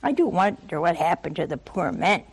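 An older woman preaching a sermon, telling a Bible story with lively rhetorical questions and acted-out dialogue. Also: lowish voice, moderate pace, vocal fry, husky.

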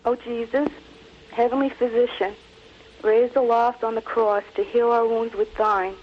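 Female caller, earnest and measured prayer reading, muffled phone line. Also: fairly high pitch, little pitch movement, slight background noise. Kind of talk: reciting a prayer over the phone.

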